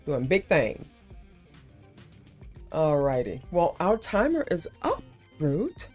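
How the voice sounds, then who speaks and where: An expressive woman in her forties or older hosts a relaxed live stream, her voice sitting a little low and growing loud whenever she gets heated. Soft guitar music plays quietly underneath her. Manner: animated, emphatic, quick to heat up. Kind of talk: casual live stream chat.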